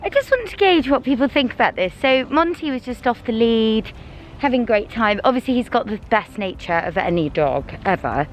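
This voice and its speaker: An English woman chatting casually in a vlog, gushing and full of fillers, and cooing at her dog in a high baby voice. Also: expressive, fairly quick, slight background noise. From England. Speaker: vlogger.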